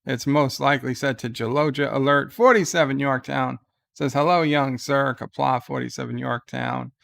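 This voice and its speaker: A man's voice: mid-range voice, fairly even intonation, moderate pace, vocal fry, a bit bright. A weary man hosting a casual livestream at home, reading viewer comments aloud with wry asides. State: exhausted. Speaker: livestream host. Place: at home in bed.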